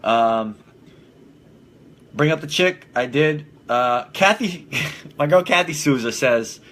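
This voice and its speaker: A man's voice: a little high, lively intonation, slow, fairly bright tone. A young man hosting a casual solo podcast, blunt and profane, who often laughs at his own jokes. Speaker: podcast host.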